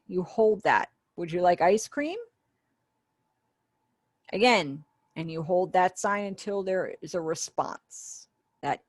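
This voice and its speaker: In studio-quality audio with no room sound, a woman with a fairly low-pitched voice interprets for a webinar teacher in ASL. She gives voice to the sign language instructor's online class, laying out each step conversationally and adding small asides.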